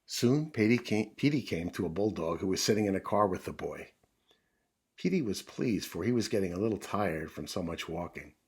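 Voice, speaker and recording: Low husky guy reading a kids book out loud, calm and friendly. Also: moderate pace. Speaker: children's book reader. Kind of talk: reading a picture book aloud to children.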